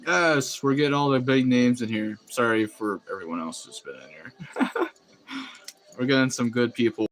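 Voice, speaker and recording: A man's voice: mid-range voice, expressive, normal speed. A man chatting casually on a live stream, rambling and laughing often as he reacts to chat. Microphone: phone.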